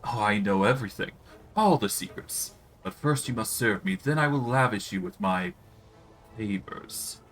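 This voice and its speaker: A man's voice: lowish voice, animated, normal speed, fairly bright tone, low-quality recording. A man voicing a vain, petulant female demon queen in a video game, whiny and clumsily flirtatious. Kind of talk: reading game dialogue aloud on stream.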